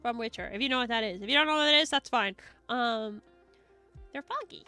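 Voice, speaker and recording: A woman streamer chatting casually, rambling and excitable, swearing and giggling often. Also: fairly high pitch, brisk, soft background music.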